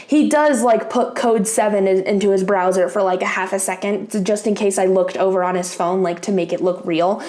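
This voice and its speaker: A woman's voice: fairly high pitch, a little mellow, roomy sound. A young woman vlogger casually telling a personal story to camera, chatty, swearing freely, with lots of fillers. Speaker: craft vlogger.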